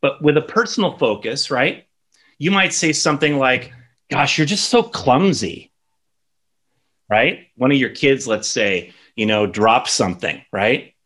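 A man's voice: medium pitch, animated, moderate pace, sharp tone. A man in his thirties teaching a lesson on feedback in a conversational way, often tagging his sentences with "right?". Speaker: instructor.

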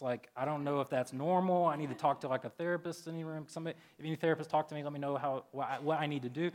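Male pastor, 30s, slightly high voice, conversational preaching style, animated storyteller. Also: very fast, hardly any pauses. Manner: chatty, filler-heavy, jumps loud and high in animated retellings. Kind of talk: casual sermon.

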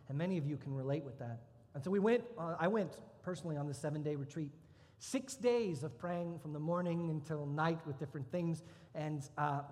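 A man's voice: on the high side, darkish tone. A man preaching a sermon as pastor, telling a personal testimony earnestly and with emotion, rising at times to intense outbursts. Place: church sanctuary. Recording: church hall reverb.

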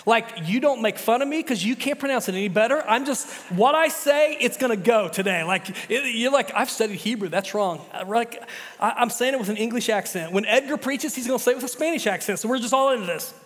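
A man's voice: very high-pitched, expressive, quick pace, fairly bright tone, in a large hall. A man preaching a sermon as pastor, chatty and casual, often restarting his sentences.

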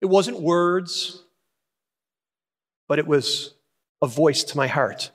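A middle-aged man preaching a sermon, telling a personal story with dramatic pauses and repetition. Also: fairly high pitch. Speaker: pastor. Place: church hall. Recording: long hall reverb.

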